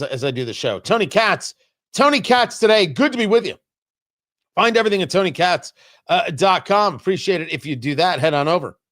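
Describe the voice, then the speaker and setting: A male host on a live-streamed talk show, joking with chat viewers and often restarting his sentences. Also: on the high side. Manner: animated, teasing chat-reader banter; halting, restarts mid-sentence.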